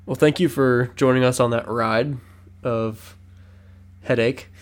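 A man's voice: mid-range voice, fairly even intonation, slow. Laid-back male podcast co-host. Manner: laid-back, rambling, full of "um" fillers. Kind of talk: casual podcast chat.

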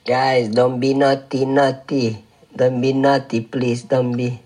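A man's voice: mid-range voice, level tone, slow pace, a little mellow. A man voicing a big, boastful male panther in a put-on Scottish accent, with a sing-song, repetitive, teasing delivery.

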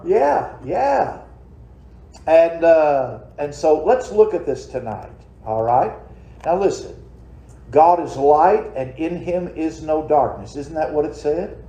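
In a church sanctuary, a pastor delivers a sermon in a folksy, conversational style, tossing rhetorical questions to the congregation. His slightly high voice is mellow, warm and expressive, and he takes it slowly. A roomy echo rings through the room.

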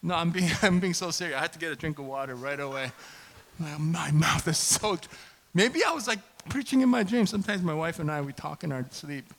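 A middle-aged man preaching a casual sermon in a church, chatty and self-deprecating, bursting into loud impassioned preaching when he gets going. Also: fairly high pitch, fairly quick, rough recording. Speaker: pastor. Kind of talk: conversational sermon.

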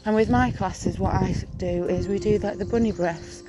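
A middle-aged woman from the Peak District, hosting a casual podcast outdoors, gentle and encouraging and a little out of breath. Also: medium pitch, steady tone, moderate pace, background noise. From Peak District, England. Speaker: podcast host. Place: small wood outdoors, birds around, distant traffic.

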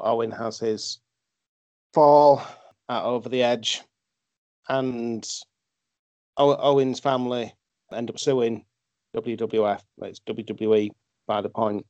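A man in casual chat, recounting facts in a measured, hesitant way with repeated restarts. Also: mid-range voice, a little mellow, no room sound, highs cut off.

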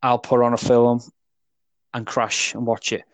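A man's voice: mid-range voice, level tone, measured pace, no room sound. A young man co-hosting a podcast, talking casually and rambling with restarts and laughter. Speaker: podcast co-host.

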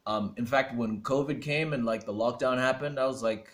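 A young man telling a personal story as a guest in an interview, animated and laughing, acting out quoted dialogue. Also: medium pitch, moderate pace.

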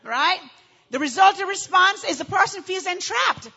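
A woman pastor teaching a church audience about marriage, animated and acting out how people complain. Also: very high voice, moderate pace, creaky, highs cut off.

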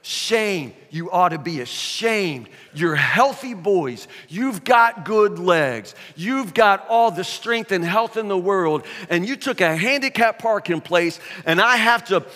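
A man's voice: sits high, lively intonation, takes it slowly, hardly any pauses, pushed and bright, heavily acted. A man voicing a furious old woman with a walker, screaming and scolding shrilly. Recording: echoey hall.

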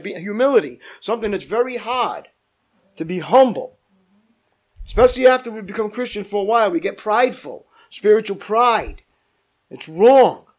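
A male pastor leading a Bible study, teaching emphatically, repeating points and asking the group questions. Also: high voice.

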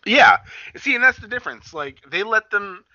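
Young man, casual podcast co-host, dry dull recording, animated delivery. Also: sits high, normal speed, no echo. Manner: animated, swearing, acts out quotes. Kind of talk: casual wrestling chat.

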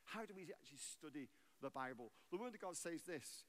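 An English-raised man preaching as a guest speaker in a church. His voice sits a little high and he tells stories with a light, humorous touch. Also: a little fast. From England. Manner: storytelling, lively and humorous. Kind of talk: sermon.

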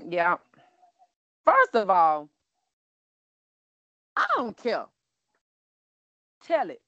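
A middle-aged woman co-hosting a casual chat, telling stories in an emotional, animated way. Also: medium pitch, extremely slow, no echo, dull audio. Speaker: co-host.

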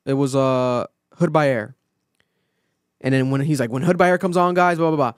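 A male podcast host in casual chat, telling a story with lively acted-out quotes and plenty of swearing. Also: medium pitch, moderate pace, clean tone, no echo, clean studio sound. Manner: animated storytelling, acts out quotes, swears freely.

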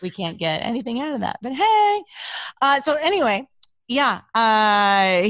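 A woman co-hosting a podcast in casual chat, brash, profane and animated. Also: on the high side, a little slow, no echo. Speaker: podcast co-host.

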